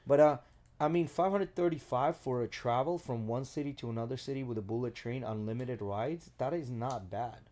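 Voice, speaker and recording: A man hosting a podcast, chatting loosely and thinking out loud, with some swearing. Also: medium pitch, moderate pace. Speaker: podcast host. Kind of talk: casual chat.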